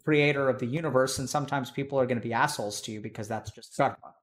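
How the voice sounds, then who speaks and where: A man's voice: mid-range voice, quick pace. A man giving blunt, casual advice in conversation, swearing freely and acting out the people in the stories he tells.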